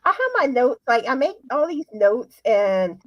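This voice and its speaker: A woman's voice: a little high, sing-song, unhurried, highs cut off. A woman hosting a live stream who chats in a rambling way and fills gaps with "like" and "you know.". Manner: chatty, rambling, full of fillers. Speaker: host. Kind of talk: casual live-stream chat.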